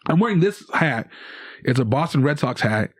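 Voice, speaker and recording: Young Canadian comic guest, lively storyteller, dry close studio sound. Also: male voice, medium pitch, normal speed, breathy edge, dry recording. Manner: animated storyteller with many restarts. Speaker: guest comedian. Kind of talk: casual storytelling.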